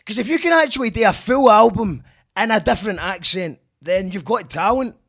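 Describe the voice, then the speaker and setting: A man's voice: sits high, animated, brisk, vocal fry, fairly bright tone. A Scottish man hosting a casual interview, blunt and rambling with lots of restarts. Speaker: host.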